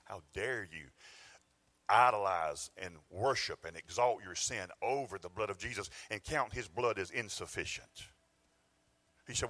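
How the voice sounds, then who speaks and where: The speaker is a middle-aged pastor from Georgia, US, delivering a sermon in a church sanctuary. At normal speed and medium pitch, he sounds expressive, bright and forceful, mixing folksy conversation with emphatic bursts.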